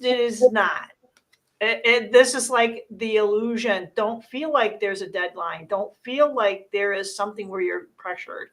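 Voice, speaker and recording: A woman's voice: medium pitch, fairly bright tone. A woman hosting a live show, giving a casual spiritual card reading in an earnest, reassuring way, often restarting her sentences.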